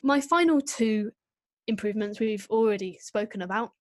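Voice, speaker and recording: A woman co-hosting a casual podcast, giving an opinionated, animated critique with quick asides. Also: mid-range voice, no room sound. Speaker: podcast co-host reviewing an episode. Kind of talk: casual chat.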